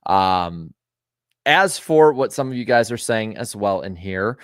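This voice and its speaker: A man's voice: fairly low pitch, lively intonation, unhurried, clean tone, dry recording, clean studio sound. Man rambling through a casual livestream chat. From Florida. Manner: rambling, filler-heavy, with frequent ums and uhs; firm when scolding rude viewers. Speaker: livestream host. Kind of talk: casual livestream chat, reading viewer comments.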